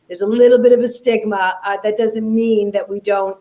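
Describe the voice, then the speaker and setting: A woman's voice: mid-range voice, steady tone, normal speed, dark tone. A woman guest on a video chat, talking earnestly about her book with many ums and uhs. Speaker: guest, comedian and author. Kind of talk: casual chat.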